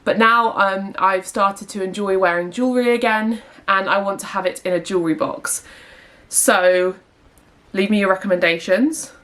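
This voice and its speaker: A woman's voice: medium pitch, fairly even intonation, normal speed, fairly bright tone. A young woman chatting casually to camera at home, rambling with fillers. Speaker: vlogger. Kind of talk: casual vlog chat. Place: home indoors.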